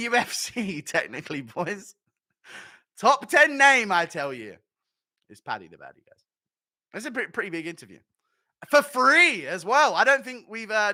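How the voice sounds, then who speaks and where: A man in a loose, profane commentary rant, his pitch swinging widely as he mocks and jokes. His voice is bright and forceful. The sound is dry and close, with no room. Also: vocal fry, dry recording. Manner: profane, mocking, laughs often at his own jokes. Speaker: MMA commentator and streamer.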